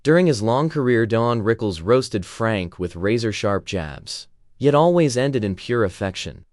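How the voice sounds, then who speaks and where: Casting: male narrator, lively pitch, dry close studio sound. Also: a little slow, dry recording. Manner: dramatic, teasing delivery. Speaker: documentary narrator. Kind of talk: scripted narration.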